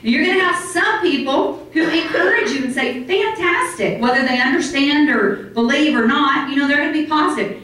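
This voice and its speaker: A middle-aged woman giving an animated motivational talk to a live audience in a hotel conference room, acting out other people's reactions. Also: high voice, a little fast. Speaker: motivational speaker. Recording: very echoey hall from far off.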